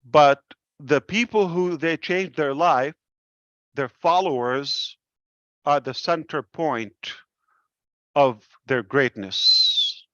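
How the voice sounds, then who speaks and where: A man with a delivery speaks slowly and earnestly on a live stream. His words come measured and deliberate, like a founder addressing his members. The audio is dry and dull, as from a close but muffled mic. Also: on the high side, sharp tone, no echo. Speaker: company founder presenting to members.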